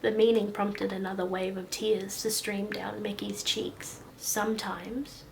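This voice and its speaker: A woman narrating a story in a steady, even reading voice. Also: medium pitch, measured pace, vocal fry, slight background noise, poor audio. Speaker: audiobook reader.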